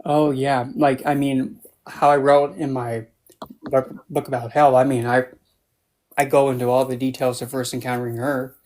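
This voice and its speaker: A man's voice: medium pitch, little pitch movement, normal speed, darkish tone, a little hiss or hum. Man, guest author, casual livestream chat, meandering storyteller who loses and finds his thread. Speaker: book club guest and author.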